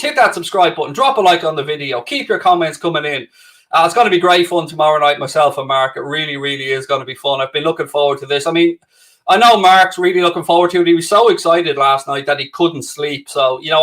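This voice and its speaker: A man's voice: on the high side, a bit bright. Chatty Irish man hosting a livestream. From Ireland. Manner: cheerful, chatty, self-mocking banter. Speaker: livestream host. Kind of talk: casual live chat reading viewer comments.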